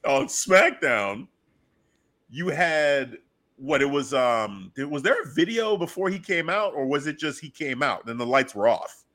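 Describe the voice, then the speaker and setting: Animated man recapping wrestling excitedly. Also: fairly high pitch, measured pace. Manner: excited, animated retelling with acted-out reactions. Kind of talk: casual wrestling podcast chat.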